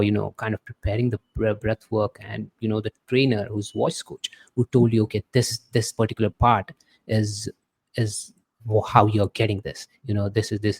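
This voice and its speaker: A man's voice: lowish voice, creaky, no echo. A man hosting a podcast interview, asking long, rambling questions full of fillers. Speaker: podcast host.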